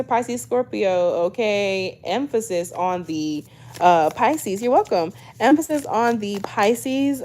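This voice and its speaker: A chatty young woman in her twenties gives a casual tarot reading to her viewers, talking at a mid-range pitch that is neither high nor low. She drifts between reading guidebook text aloud and loose, slangy asides. She keeps checking in with a quick "okay?" as she goes. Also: darkish tone. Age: 20s. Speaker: tarot reader.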